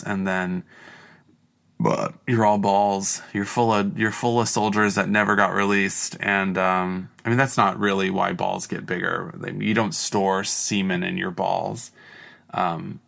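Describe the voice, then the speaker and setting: A man's voice: fairly low pitch, vocal fry, fairly bright tone. A man hosting a podcast alone, rambling casually with lots of "like" and crude jokes. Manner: rambling, heavy use of "like", crude joking. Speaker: podcast host. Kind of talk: casual solo monologue.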